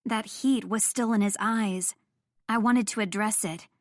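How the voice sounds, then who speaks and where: A woman's voice: mid-range voice, fairly even intonation, measured pace, no echo, clean studio sound. A young woman narrating a first-person romance audiobook in an intimate storytelling manner.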